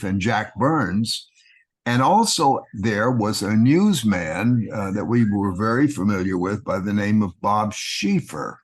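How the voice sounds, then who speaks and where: An older man from Texas with a Texan accent, telling animated stories as an actor guest and slipping into a broadcaster voice. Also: fairly low pitch, husky. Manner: animated anecdotes with broadcaster-voice impressions. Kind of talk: casual storytelling.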